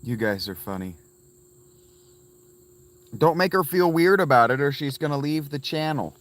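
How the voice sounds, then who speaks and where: A man's voice: on the high side, expressive, normal speed. A man in his fifties hosting a casual livestream outdoors from his phone, chatting with viewers and rambling between thoughts. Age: 50s. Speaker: livestream host. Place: outdoors by a fountain.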